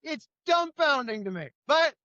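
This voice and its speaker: A man's voice: extremely high pitch, sing-song, unhurried, sharp tone, no room sound, muffled recording. A middle-aged man co-hosting a political talk show, ranting in an indignant, emphatic way. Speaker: co-host.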